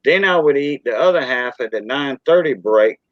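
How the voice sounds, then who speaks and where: A Cajun man from South Louisiana hosting a live stream and chatting loosely, tossing in lots of "you know" as he rambles. His voice sits at an ordinary middle pitch. The recording is dry and close, with no room sound. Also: animated, normal speed, no echo, muffled recording. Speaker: stream host. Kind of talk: casual chat on a live stream.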